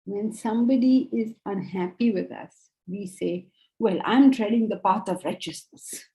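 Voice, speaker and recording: A woman teaches a spiritual class in a mellow, warm voice. She speaks earnestly and with animation, slipping into the quoted voices of her examples. Her pitch sits in an ordinary middle range. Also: unhurried, low-quality recording. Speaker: Vedanta teacher. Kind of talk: spiritual discourse lecture.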